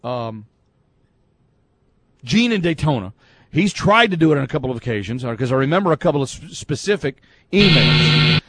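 A man's voice: on the high side, very animated, moderate pace, long pauses, fairly bright tone. A man hosting a sports podcast, casually chatting and reading out listener emails in an upbeat way. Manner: chatty and upbeat, often laughing at messages. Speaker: podcast host.

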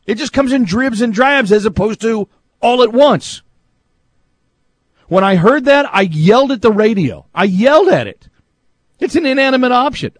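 A man hosting a sports talk radio show, animated and exasperated, who yells for emphasis. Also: high voice, dry recording.

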